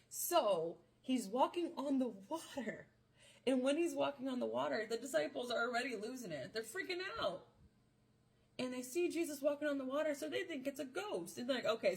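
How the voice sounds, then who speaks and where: Young woman, podcast host, casual Bible storytelling, playful, slangy, joking asides. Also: high voice.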